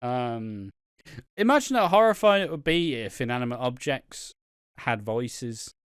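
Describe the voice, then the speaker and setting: A man's voice: medium pitch, measured pace, smooth, no room sound, clean studio sound. A young British man co-hosting a podcast, chatting casually and swearing a lot as he rambles. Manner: rambling, heavy swearing, animated. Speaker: podcast co-host.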